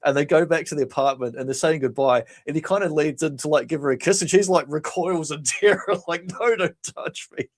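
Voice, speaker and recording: Lively storytelling man. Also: a little high, quick pace, hardly any pauses. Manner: animated storytelling, laughs often, acts out quotes. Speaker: podcast co-host. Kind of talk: casual chat.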